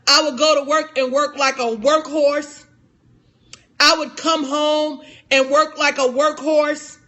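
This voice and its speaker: A woman's voice: high-pitched, fairly even intonation, slow, pushed and bright. A middle-aged woman giving a motivational speech to an audience as a life coach, emphatic and repetitive in a preacher-like cadence, heartfelt and confessional.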